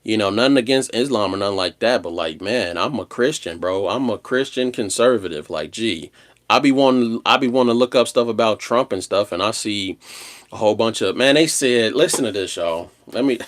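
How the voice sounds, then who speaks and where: Low-voiced man rambling on a livestream. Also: normal speed. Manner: rambling, slangy, laid-back with animated outbursts. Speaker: live streamer. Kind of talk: casual livestream chat.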